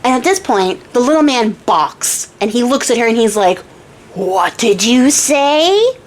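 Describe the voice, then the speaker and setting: A woman's voice: on the high side, animated, normal speed. A young woman hosting a craft channel, retelling a fairy tale in a chatty, playful, slangy way.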